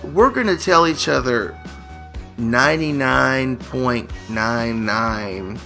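Animated, bright-voiced male comedy co-host. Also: gravelly, soft background music. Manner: playful, drawn-out storytelling with sudden jumps in pitch. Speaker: podcast co-host. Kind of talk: improvised comedy banter.

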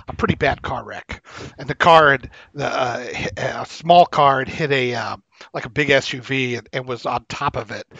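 A man's voice: mid-range voice, bright, forceful tone, no echo, dull audio. A man co-hosting a podcast through a headset mic, blunt and complaining, talking casually with swearing. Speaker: podcast co-host. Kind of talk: casual chat.

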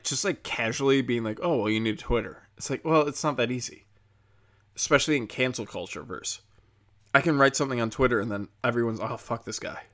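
A man's voice: mid-range voice, a bit bright. A young man doing a profane, heated ranting monologue as a comedian podcast host, slipping into mocking quoted voices.

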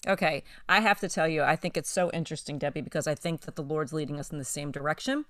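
A woman co-hosting a Bible study discussion, talking with enthusiasm and growing animated as she retells scripture. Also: low voice, fast, no echo.

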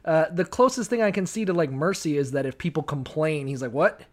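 A man's voice: on the high side, lively intonation, fairly quick. Profane, joking man on a podcast. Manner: irreverent and profane, laughs often, acts out voices. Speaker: podcast co-host. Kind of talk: casual chat.

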